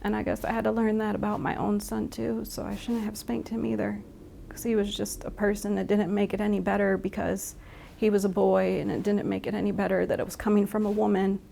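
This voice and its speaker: A middle-aged woman talks openly in an interview, her voice carrying a gravelly edge. She is reflective and halting, often starting a sentence over before she finishes it. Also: medium pitch, flat delivery, mellow, a little hiss or hum. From Michigan. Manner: halting, reflective, with frequent restarts. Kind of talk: candid interview.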